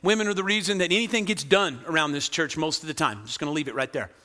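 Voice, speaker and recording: A man preaching a lively sermon, often asking the crowd "right?" and acting out quoted voices. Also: a little high, fast, long reverb tail. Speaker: pastor.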